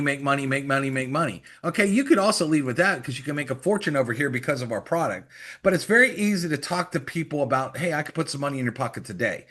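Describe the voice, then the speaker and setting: A middle-aged man giving a lively, persuasive sales training talk on a call, acting out quick mock conversations to make his point. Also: fairly high pitch. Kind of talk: motivational sales pitch on a call.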